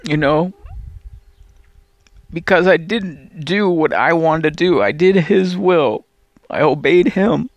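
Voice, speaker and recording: Discouraged guy pleading on his bible channel, gravelly voice, dry sound, keeps restarting and repeating himself. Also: fairly high pitch, lively intonation, slow, pauses often, no echo, lo-fi sound. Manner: pleading, repetitive, stammering restarts. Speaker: Bible teacher and channel host. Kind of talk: emotional religious vlog monologue.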